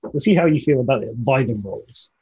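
A man narrating a tabletop game as game master, halting and full of fillers. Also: mid-range voice, animated, muffled recording, a crowd in the background.

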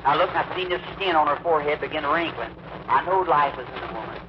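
A man preaches in a slightly high voice, telling his story slowly and emphatically. He acts out the other people's lines as he goes. The old recording is muffled, with a faint hiss. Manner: drawn-out, emphatic storytelling with acted quotes. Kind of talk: sermon storytelling.

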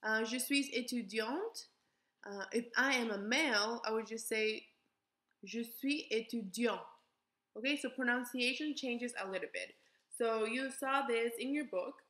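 A young woman with a somewhat high voice teaches beginner French, moving between French and English. She slows down to model pronunciation. The recording has a roomy echo. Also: pushed and bright. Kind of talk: recorded class lesson.

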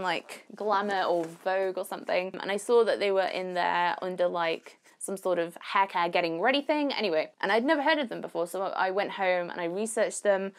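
A woman vlogger chatting through an unboxing, excitable and gushing, with lots of fillers. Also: mid-range voice. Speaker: YouTube beauty vlogger. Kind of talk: unboxing vlog chat.

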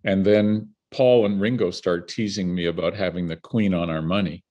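A man's voice: deep voice, normal speed, muffled recording. An older man from Canada, a filmmaker, telling stories as a guest and acting out the people he quotes. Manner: animated storyteller who acts out the people he quotes. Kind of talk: storytelling in a conversational interview.

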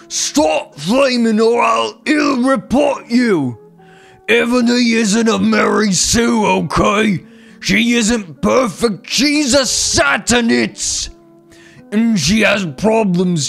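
Man putting on a shrill whiny goth teen girl. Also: gravelly, full character voice. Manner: high, loud, indignant ranting.

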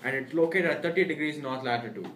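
Brief: young man as a lecturing explainer, slightly high, distant mic. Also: fast, a bit bright, close to an everyday voice. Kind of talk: amateur comedy sketch acting. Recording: roomy, distant, faint background noise.

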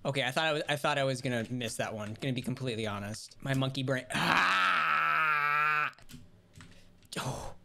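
A woman streamer giving casual commentary over her gameplay, talking to herself and swearing and yelling when she gets frustrated. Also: rumbling low, quick pace, few pauses. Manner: talks to herself while playing. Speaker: gaming streamer.

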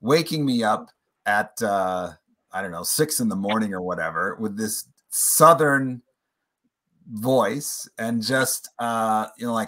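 Brief: man, interview guest, low pitch, bright tense edge, earnest storyteller. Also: slow pace. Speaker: podcast guest, playwright and author.

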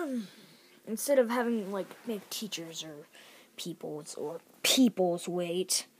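A woman's voice: lowish voice, a little mellow, slightly rough. A teenage girl rambling chattily in a casual home vlog from a bedroom. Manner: rambling, chatty, lots of fillers and restarts. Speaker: vlogger.

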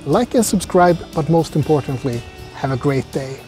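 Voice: medium pitch, expressive, moderate pace, dark tone, faint music behind. A travel vlogger narrating casually outdoors at a zoo, joking to the camera and chatting to the animals. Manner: playful, jokey asides, chatting to animals.

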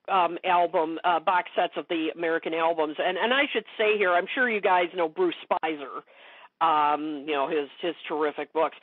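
Her voice is low and a little rough, with no room sound, as she chats casually in an interview in the role of guest expert. She uses lots of fillers and keeps restarting, and the call audio is dry and phone-like.

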